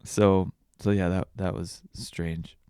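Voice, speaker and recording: A man's voice: deep voice, little pitch movement, slow, dark tone, clear, resonant tone, no room sound, studio quality. A man hosting a casual solo podcast, rambling and self-deprecating with crude jokes. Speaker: podcast host.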